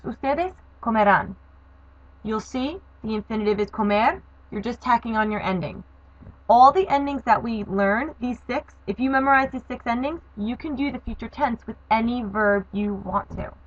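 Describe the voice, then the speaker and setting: A woman's voice: fairly high pitch, moderate pace. A woman teaching a grammar lesson, explaining verb forms methodically and spelling out endings letter by letter. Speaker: Spanish teacher. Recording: dull, dry lo-fi recording.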